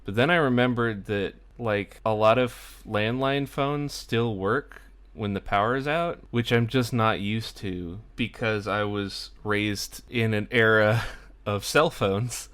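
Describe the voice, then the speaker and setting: A man's voice: on the low side, a bit bright, smooth. A young man casually recapping a sitcom episode for his vlog, chatty and full of "like" asides. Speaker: TV episode reviewer.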